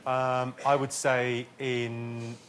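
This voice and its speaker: A man with a British accent hosting a comedy quiz show, delivering dry, quick one-liners. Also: medium pitch, little pitch movement, very noisy. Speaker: quiz host. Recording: studio with loud audience.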